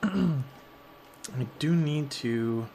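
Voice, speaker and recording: Man, slow unhurried talk, deadpan jokes, casual stream chat, faint background hiss. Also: a little high, creaky. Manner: dry, deadpan humor. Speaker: art streamer co-host.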